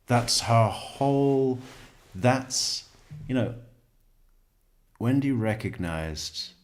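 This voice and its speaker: A man's voice: mid-range voice, lively intonation, drawn-out words. A man giving casual true crime commentary, sarcastic and mocking as he mimics what he watches.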